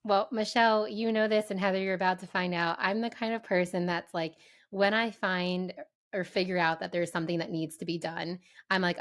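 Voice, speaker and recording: A woman's voice: lowish voice, steady tone. A woman podcast host telling her own story in a casual chat, earnest and candid. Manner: earnest and candid, quick asides.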